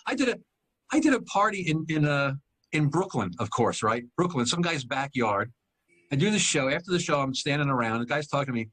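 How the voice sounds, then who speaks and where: A man in his sixties, a guest comedian telling stories in a casual chat, quick and animated. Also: a little high. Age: 60s.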